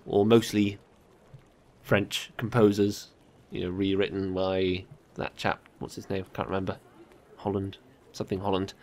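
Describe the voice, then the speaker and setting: A British man hosting a let's play, chatting casually and reading game text aloud. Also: fairly low pitch.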